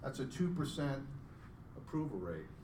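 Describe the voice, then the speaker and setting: A middle-aged man, a startup founder, giving a chatty, self-deprecating pitch presentation to a live audience and joking with the crowd. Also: big pitch swings, normal speed. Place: event room with an audience. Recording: roomy sound from a distance, faint background hum.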